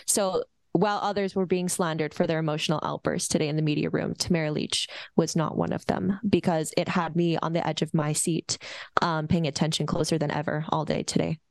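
Low-voiced woman reporter, earnest. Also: fairly even intonation, fairly quick, vocal fry, a little mellow, no room sound. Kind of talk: casual conversation.

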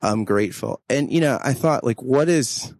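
A man's voice: medium pitch, moderate pace, a little mellow, no echo. A male interviewer thinking aloud, restarting his sentences and repeating words. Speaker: interviewer, host. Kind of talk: casual interview talk.

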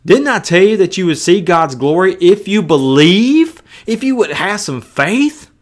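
A man's voice: high voice, big pitch swings, unhurried, pitched above the performer's own voice. A male preacher voicing Jesus as an indignant grown man, speaking his lines with emphatic urgency. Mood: reproachful.

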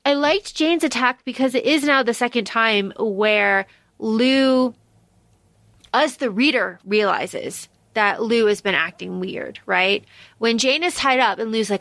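A podcast co-host with a slightly high, somewhat bright voice speaks slowly as she chats casually about a book, swearing freely and using plenty of fillers. There's no echo on the recording.

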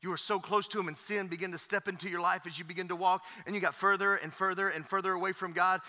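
A man's voice: high voice, steady tone, quick pace, sharp tone. A pastor in his thirties preaching a sermon in a church, emphatic and repetitive, with many fillers. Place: church sanctuary. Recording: echoey church hall.

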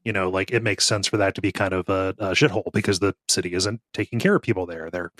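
Lower-voiced man chatting about games. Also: fairly even intonation, fast talker, a bit bright, dry recording, studio quality. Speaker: podcast co-host. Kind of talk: casual game review chat.

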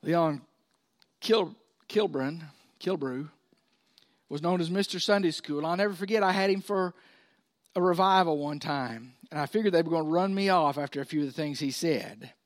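A male pastor preaching a sermon, swinging between loud emphasis and hushed asides. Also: a little high, normal speed.

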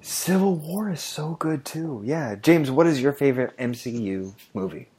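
A man's voice: mid-range voice, expressive, moderate pace, a little mellow, slightly rough. A man chatting casually on a podcast, ranting and swearing freely about movies. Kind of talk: casual chat.

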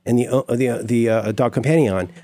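A man's voice: mid-range voice, fairly quick, no room sound. A middle-aged man co-hosting a podcast in casual comedic chat, gushing and stammering through restarts. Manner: animated, gushing, mock-wistful, stammering restarts. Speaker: podcast co-host.

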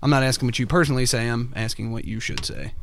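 Animated man bantering on a podcast. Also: mid-range voice, fast talker, very noisy. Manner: animated, joking. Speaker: podcast co-host. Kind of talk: casual chat.

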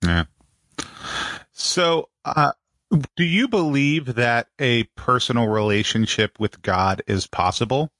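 Male host, mid voice, calm measured questions, dry close mic. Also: mid-range voice, no echo. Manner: calm, measured, affirming listener. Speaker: interviewer. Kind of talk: casual conversational interview.

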